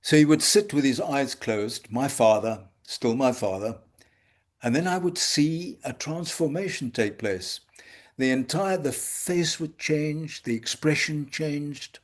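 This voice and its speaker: An older man, a homeopath guest, talking in a measured, reflective way with frequent pauses and hesitations. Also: a little high. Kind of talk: reflective conversation. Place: home consulting room.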